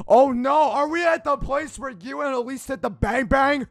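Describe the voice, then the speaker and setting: Brief: man, high and gravelly, teasing reader of fan fiction, crude jokes. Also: moderate pace, few pauses, no echo, soft background music. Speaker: YouTuber playing Shadow the Hedgehog.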